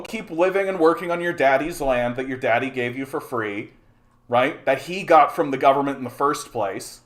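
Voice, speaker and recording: A man's voice: mid-range voice, moderate pace. Man ranting on a livestream. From Canada. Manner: heated, profane, repeats himself, stumbles on restarts. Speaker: livestream host.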